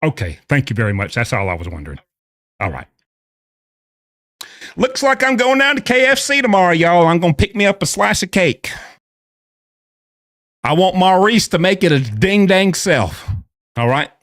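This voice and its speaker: A man's voice: sits high, sing-song, moderate pace, pauses often, fairly bright tone, no echo, clean studio sound. A man chatting casually and playfully with his live-stream audience. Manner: playful, joking banter with chat. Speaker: livestreamer.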